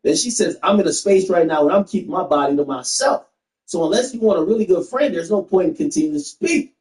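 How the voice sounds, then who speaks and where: A man streaming from home, chatting casually to his viewers as he plays. His voice sits high and swings all over the place while he laughs and reads messages aloud. The room around him sounds echoey. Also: fast. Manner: animated, laughing, reading messages aloud to chat.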